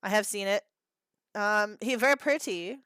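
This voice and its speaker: A woman's voice: medium pitch, normal speed, a bit bright, smooth. A woman in her thirties chats casually on a livestream, reacting to her viewers with frequent laughter and a lot of swearing. Her voice sits in an ordinary middle register. The sound is dry and close, with no room echo. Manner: profane, laughing, reacting to chat. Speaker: livestream host.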